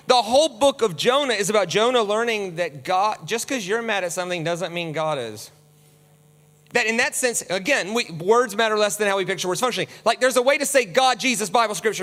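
A man preaching from the front of a church hall, his high, bright voice ringing with a long reverb. He talks in an animated, lively way and swings broadly whenever he acts out the voices he quotes. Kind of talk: sermon with slides.

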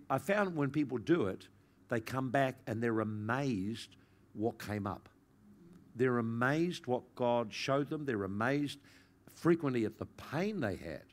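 A man teaching a sermon in an earnest, pastoral manner, at times building in intensity and then dropping soft and low.

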